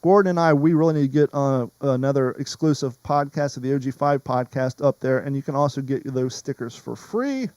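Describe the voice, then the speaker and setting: A man's voice: medium pitch, a little fast, hardly any pauses, a little mellow, clean tone, dry recording. A man hosting a podcast in casual chat, rambling and wandering off topic. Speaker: podcast host.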